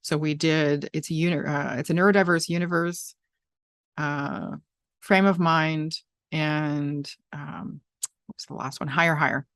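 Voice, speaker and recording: Low-voiced chatty woman host. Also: fairly even intonation, measured pace, a bit bright, no echo, clean studio sound. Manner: chatty, rambling with frequent restarts and fillers. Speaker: podcast host. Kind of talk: casual chat.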